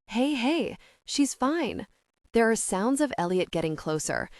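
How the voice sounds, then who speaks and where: A woman's voice: fairly high pitch, sing-song, unhurried, darkish tone, no echo, clean studio sound, pitched above the performer's own voice. A woman doing a brooding male florist. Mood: reassuring.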